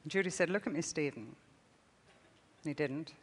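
An older woman with a slightly low voice preaches a sermon as a story, often laughing as she goes. She speaks at a moderate pace, and the long reverb of a large hall surrounds her.

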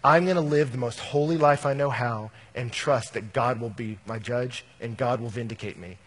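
Speaking at normal speed with a breathy edge to his medium-pitched voice, a youth minister answers a question from the audience in a large hall. He frames his candid reply through stories and regularly quotes scripture.

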